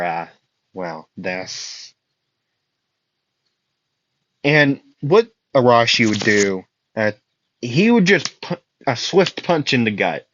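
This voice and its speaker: Casting: a slow-talking man telling a made-up story, halting, dull lo-fi recording. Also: medium pitch, a bit bright, dry recording. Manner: halting, many fillers and restarts. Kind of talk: improvised fan story narration.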